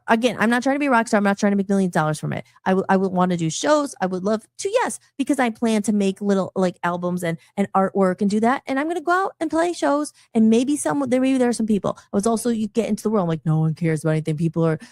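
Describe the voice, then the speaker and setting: A woman's voice: mid-range voice, expressive, quick pace, few pauses, a little mellow, no echo, studio quality. A woman musician talking candidly and passionately, rambling and breaking off her sentences as she goes. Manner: rambling, passionate, self-interrupting. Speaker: musician on a radio show. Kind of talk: candid emotional talk.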